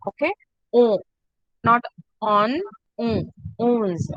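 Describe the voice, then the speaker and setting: A woman teacher, speaking in a slightly high voice over a video call. She repeats each word slowly and patiently for her students. The sound is dry and close, with no room echo. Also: lively intonation. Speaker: French teacher. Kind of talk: online class lesson.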